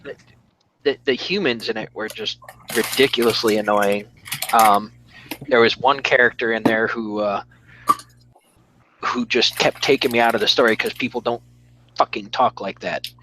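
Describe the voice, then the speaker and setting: A man's voice: lowish voice, fairly even intonation, moderate pace, long pauses, noisy background. Blunt, swearing man reviewing comics. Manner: blunt, swears freely, rambling. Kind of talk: casual live-stream chat.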